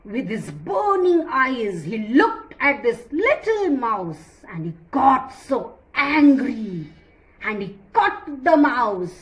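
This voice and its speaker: Animated woman teacher telling a story. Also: on the high side, slow pace. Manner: animated, asks the children questions. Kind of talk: storytelling lesson for children.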